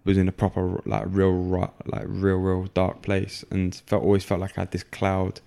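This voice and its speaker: A young man with a very low, gravelly voice speaks in a flat, even tone. He tells his story candidly, often stopping, restarting and leaning on fillers. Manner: halting, filler-heavy, frequent restarts. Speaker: guest.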